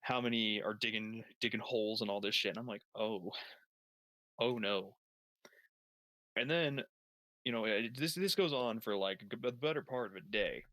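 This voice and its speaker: Casual profane storyteller, young man, low tense voice, loose and rambling. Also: brisk, bright, forceful tone, dry recording. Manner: rambling, heavy swearing, many restarts. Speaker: gamer telling a story.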